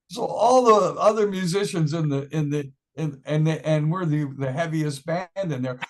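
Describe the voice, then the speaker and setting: An older man tells a long story in an interview, talking in a rambling way with many restarts. He laughs often and acts out what others said. His voice sits a bit high for a man. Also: measured pace. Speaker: musician guest.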